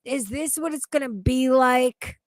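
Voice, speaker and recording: Slow, crude, mocking woman streamer. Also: high voice, no room sound, studio quality. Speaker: streamer reacting to videos. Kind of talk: profane reaction commentary.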